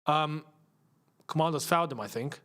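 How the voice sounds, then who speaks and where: A young man hosting a live football watchalong, chatting casually and shouting at near misses. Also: fairly high pitch, normal speed. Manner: excitable, shouts at chances, chatty slang. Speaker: football channel host. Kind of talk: live match watchalong commentary.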